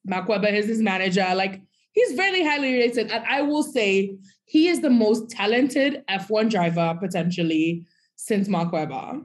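A woman co-hosting a podcast in casual chat, animated, breaking into sung bits and mock quotes. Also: medium pitch, moderate pace. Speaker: podcast co-host.

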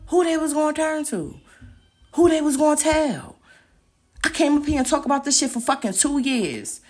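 A young woman podcast host in a full-blown rant, cursing freely and hammering listeners with rhetorical questions. Her pitch leaps from low growls to sharp high peaks. She sounds confrontational from start to finish. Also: lively intonation, moderate pace. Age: young adult. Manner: heated, profane and confrontational, with repeated rhetorical questions.

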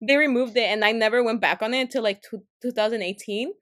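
A woman's voice: a little high, fast, fairly bright tone. A young woman co-hosting a casual podcast, telling stories in a chatty way full of fillers, gasps and laughs. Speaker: podcast co-host. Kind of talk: casual chat.

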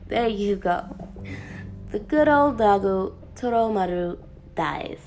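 A woman talking casually to her viewers in an anime review, chatty and animated, with playful asides. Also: mid-range voice, takes it slowly, faint music behind.

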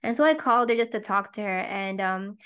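A woman co-hosting a podcast, chatting casually and telling personal stories in an open, expressive way. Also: medium pitch, fairly quick, clear, resonant tone. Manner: expressive storyteller, warm and open. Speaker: podcast co-host.

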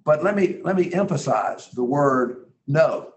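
A man's voice: a little high, lively intonation, unhurried, poor audio. A man teaching a Bible class in a conversational way, earnest and emphatic, thinking aloud as he reads scripture.

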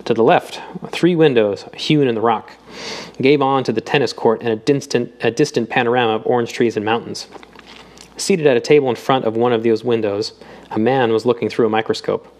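A man narrates an audiobook at a measured, even pace. His voice sits at an ordinary middle pitch. He reads steadily through the prose.

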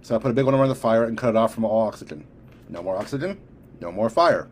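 A man's voice: expressive, fast, slight background noise, close to an everyday voice. A man voicing a determined young superheroine in an audiobook reading, talking firmly and scolding with a raised voice. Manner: firm, scolding, raised pitch.

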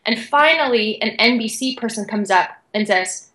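Young woman athlete guest, bright voice, chatty "like" storytelling, roomy echo. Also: on the high side, moderate pace. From Canada. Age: young adult. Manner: excited, breathless storytelling with many "like"s. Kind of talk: animated storytelling.

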